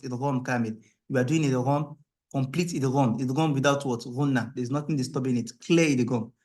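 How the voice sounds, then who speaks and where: A man teaching Quran recitation rules, explaining in a questioning style and breaking into a higher, louder chant for the verses. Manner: asks the class rhetorical "what?" questions. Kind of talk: tajweed lesson, explaining and reciting.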